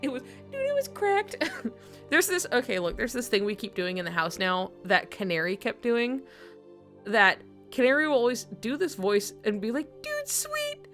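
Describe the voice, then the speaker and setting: A woman streamer chatting casually and excitably, swearing and laughing often. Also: fairly high pitch, normal speed, faint music behind. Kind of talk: casual chat.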